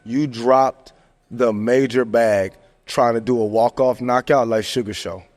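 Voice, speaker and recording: A man hosting a podcast, giving casual sports commentary in a slangy, animated rant full of fillers. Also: mid-range voice, unhurried. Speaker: podcast host. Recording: long echoing reverb.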